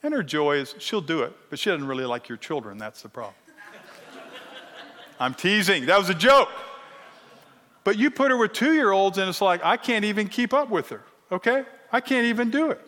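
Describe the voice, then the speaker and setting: A middle-aged man teaching a sermon-style lesson, animated and teasing, often checking in with the crowd. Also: high-pitched, moderate pace. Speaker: Bible teacher. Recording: long reverb of a large hall.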